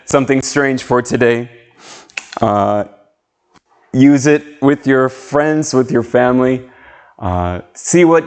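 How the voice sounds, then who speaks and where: A man teaching an English lesson on video, speaking slowly and carefully as he models sounds and words. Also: mid-range voice, darkish tone. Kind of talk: slow, clear classroom video lesson.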